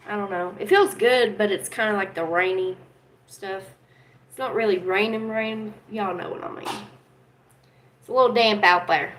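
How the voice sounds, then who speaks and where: A woman hosts a relaxed livestream from home, speaking earnestly and emotionally to her viewers. Her voice sits a little high, and she addresses the chat directly. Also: a little hiss or hum, low-quality recording. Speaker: livestream host.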